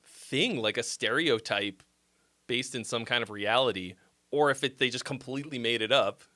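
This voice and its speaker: A man hosting a live stream, chatting casually with viewers in a rambling, profane, excitable way and answering their comments. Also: medium pitch, normal speed. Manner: reads viewer comments aloud and replies. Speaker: livestream host giving song critiques.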